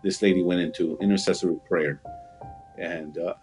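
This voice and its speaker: A man giving an earnest personal testimony in an interview, halting and full of fillers. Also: sits low, steady tone, a little mellow, faint music behind. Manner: halting, with frequent fillers and restarts; earnest, with occasional laughter. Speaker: interview guest.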